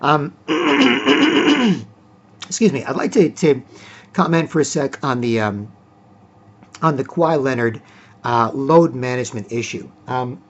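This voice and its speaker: A man giving casual solo sports commentary, rambling with frequent fillers and clearing his throat often. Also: medium pitch, very animated, slow pace, long pauses, highs cut off.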